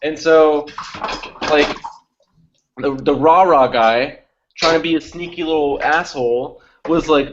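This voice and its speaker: A young man co-hosts a casual podcast, telling a long story and acting out what others said. His voice sits a little high, and the audio is dull and lo-fi. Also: measured pace, long pauses, slight background noise. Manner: animated storytelling, acts out quotes, swears freely. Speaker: podcast co-host. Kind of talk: casual chat.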